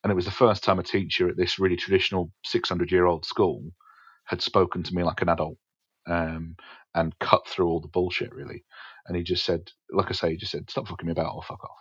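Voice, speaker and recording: An English man, a stand-up comedian, frankly recounting his teenage years in a podcast interview, swearing casually and pausing with fillers. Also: low-pitched, flat delivery, fairly bright tone, breathy edge, dry recording. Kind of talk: candid interview storytelling. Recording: dull, dry podcast audio.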